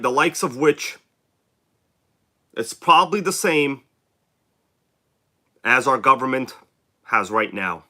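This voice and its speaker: A man's voice: medium pitch, big pitch swings, takes it slowly, long pauses, bright, forceful tone. A chatty man hosting a live stream, greeting viewers by name while sounding sick and congested. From New York City. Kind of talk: casual live stream chat.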